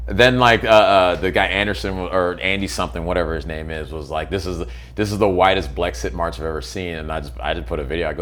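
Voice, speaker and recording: A man being interviewed, telling stories in a blunt, animated way and acting out what people said with sudden jumps in pitch and loudness. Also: fairly quick, few pauses. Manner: acts out quotes with big swings in pitch and loudness; blunt, swears freely. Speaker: interview guest. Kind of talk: animated storytelling in conversation.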